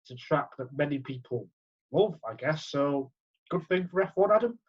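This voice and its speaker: Husky man, halting podcast co-host. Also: fairly high pitch, expressive. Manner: halting, stumbles over words. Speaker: podcast co-host presenting news. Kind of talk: casual podcast chat. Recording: dull lo-fi audio.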